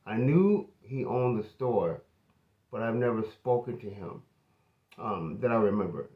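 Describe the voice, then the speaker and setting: A pastor telling a personal testimony in an earnest, conversational way. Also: male voice, lowish voice, expressive, a little slow, warm tone.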